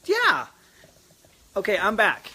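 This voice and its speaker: A man's voice: high-pitched, wildly swooping pitch, slow pace, gravelly, bright, forceful tone. A young man casually vlogging from home about a house deal, rambling with fillers and getting easily frustrated. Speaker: real estate investor vlogger. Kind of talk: casual video diary.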